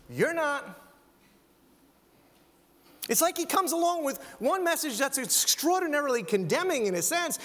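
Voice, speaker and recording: A man preaching a sermon, animated, acting out quoted voices as he talks. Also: sits high, long reverb tail. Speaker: pastor.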